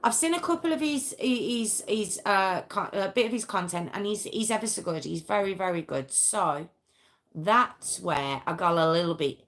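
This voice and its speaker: A woman's voice: medium pitch, normal speed, a bit bright. A woman hosting a true crime live stream, chatting casually and self-mockingly with viewers while reading the comments. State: sore arm. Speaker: true crime livestream host.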